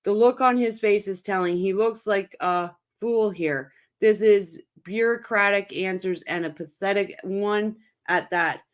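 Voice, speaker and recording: A woman hosting a live commentary stream in an everyday, middle-pitched voice. She talks bluntly and swears freely, fired-up and scornful. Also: a little slow, few pauses. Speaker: livestream host. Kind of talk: casual commentary over press clip.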